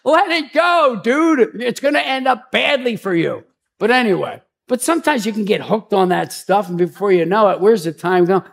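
A man preaching to his congregation in a loose, conversational way, drifting into asides and restarting his sentences. His voice sits fairly high for a man and is husky with a rough edge of fry. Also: expressive, normal speed. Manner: chatty and rambling, with frequent restarts and asides. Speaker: pastor. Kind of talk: conversational sermon.

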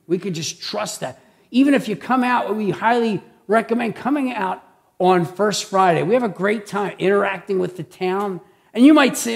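Male pastor, conversational sermon, high voice with a rough, gravelly edge. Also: normal speed. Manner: conversational, frequent tag questions and restarts; clears his throat often.

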